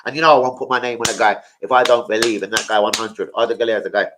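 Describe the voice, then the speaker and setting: A man's voice: lowish voice, fairly even intonation, racing, background noise. A young man chatting casually about football as a streamer, slangy and sweary.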